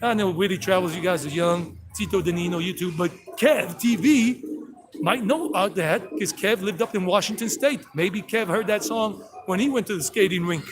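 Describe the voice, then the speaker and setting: A man's voice: high voice, normal speed, over music, low-quality recording. A man in his fifties from South Carolina, telling brash, rambling stories while leading a walking tour outdoors. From South Carolina, USA. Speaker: tour guide vlogger. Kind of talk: casual walking-tour chat. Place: outdoors on a city street. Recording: street noise behind.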